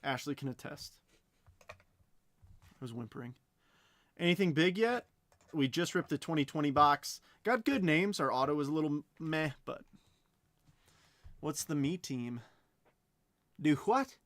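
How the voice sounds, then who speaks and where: A man's voice: a little high, expressive, unhurried, long pauses, fairly bright tone, dry recording. A man hosting a live card break stream, chatting as he calls out cards and bids. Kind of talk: live stream auction chat.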